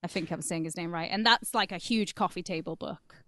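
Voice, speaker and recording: A woman's voice: fairly low pitch, a little fast, bright, forceful tone, no echo, clean studio sound. Chatty woman telling a true-crime story. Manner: chatty, jokey storyteller, reads quotes aloud. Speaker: podcast co-host. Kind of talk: casual true-crime podcast chat.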